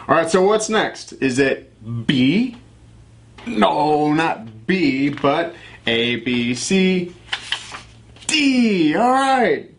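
A young man teaching a children's alphabet lesson, encouraging and sounding out each letter slowly. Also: a little high. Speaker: phonics teacher.

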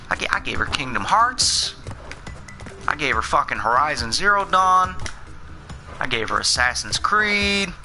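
Young guy streamer ranting n cussing, bright edgy voice, kinda high, some music under. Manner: exasperated, ranting, swearing. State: frustrated and worn out. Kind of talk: live gameplay commentary.

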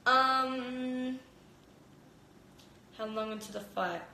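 Speaking very slowly with fairly even intonation, a young Australian fighter chats casually on a live stream from her home kitchen using her phone camera. Her high voice sounds bright and forceful as she rambles, giggles and says "like" a lot. There's roomy echo and a little hiss or hum.

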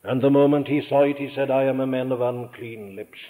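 Older Welsh preacher in an echoing hall. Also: male voice, fairly even intonation, a little fast. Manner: earnest, rising to fervent emphasis then dropping low. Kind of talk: sermon. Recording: tinny archival church sermon recording with long hall reverb.

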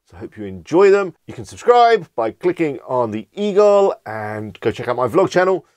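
A man hosting a screen-recorded software tutorial, talking casually and thinking aloud as he clicks through each step. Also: mid-range voice, big pitch swings, normal speed, dry recording. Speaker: tutorial host.

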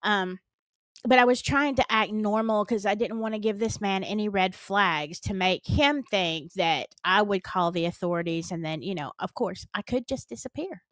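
A woman's voice: medium pitch, moderate pace, a bit bright, no room sound. A middle-aged woman with a Southern US accent, earnestly and dramatically retelling a personal story on her vlog. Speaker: storytime vlogger.

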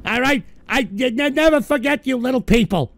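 A man's voice: very high-pitched, expressive, moderate pace, no echo, voice pushed up. A man voicing a smug male troll giving a pompous, stammering mock thank-you speech.

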